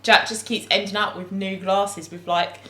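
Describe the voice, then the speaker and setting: A woman's voice: mid-range voice, steady tone, moderate pace, bright, forceful tone. A woman co-hosting a casual food podcast with her husband, teasing him and laughing a lot. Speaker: podcast co-host. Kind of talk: casual chat. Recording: echoey room.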